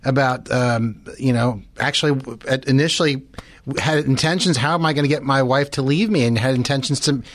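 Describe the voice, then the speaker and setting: Halting male radio interviewer. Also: medium pitch. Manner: halting, searching phrasing. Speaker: radio program host. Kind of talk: interview questions.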